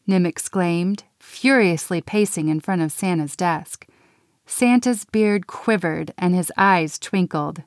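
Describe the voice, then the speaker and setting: Children's story reader, woman, unhurried and even, dry close sound. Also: lowish voice, no room sound. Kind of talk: reading a children's story aloud.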